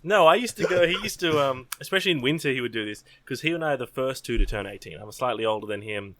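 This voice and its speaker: A young man co-hosting a podcast in laid-back casual chat, swearing freely and quick to laugh. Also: medium pitch, expressive, a bit bright. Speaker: podcast co-host.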